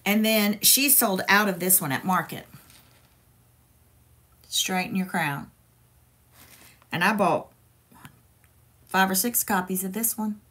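A woman's voice: mid-range voice, takes it slowly, pauses often, a bit bright. A woman hosts a casual crafting livestream, chatty and playful, talking straight to her viewers.

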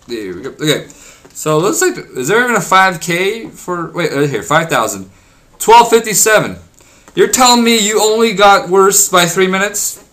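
A man's voice: a little high, bright, forceful tone. A young man rambling and swearing as he chats casually over his gameplay. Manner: rambling, crude and profane, swears often; says he is talking fast because he is hungry. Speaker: gaming vlogger.

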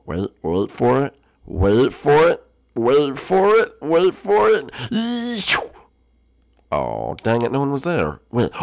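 Guy playing a jumpy young turtle prince, low gravelly voice, whispers then yells. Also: no echo, clean studio sound, exaggerated voice. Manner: swings between hushed whispers and sudden shouts. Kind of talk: game video role-play.

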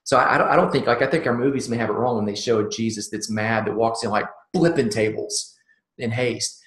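A man delivers a sermon-style talk at a ministry summit, speaking earnestly and conversationally. He often restarts his sentences and checks in with his listeners. His mid-pitched voice rings with a roomy echo from a large hall. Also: brisk, fairly bright tone.

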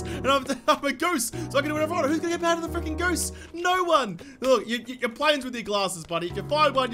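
Young Aussie gaming commentator, very high bright voice, excitable and giggly, soft music underneath. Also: male voice. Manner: excitable, giggly, swings between hushed scheming and loud outbursts. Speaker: gaming YouTuber. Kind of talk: gameplay commentary.

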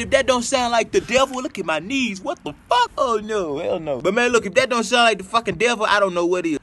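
A young man telling a profane comedic breakup story as a vlogger, loud and animated. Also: high voice. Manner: loud, animated, cursing, mock voices.

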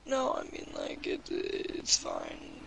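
A man chatting casually while playing a game with a friend. He talks in a raspy, often half-whispered, jokey and rambling way. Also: a bass voice, wildly swooping pitch, takes it slowly, noisy background. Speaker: gamer. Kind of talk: casual gaming chat.

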